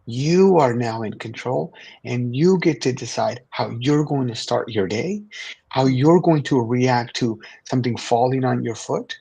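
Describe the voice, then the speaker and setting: Earnest middle-aged man with husky voice. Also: mid-range voice, a little slow, mellow. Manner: earnest, repeats words when starting phrases. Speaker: podcast guest. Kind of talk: motivational conversation.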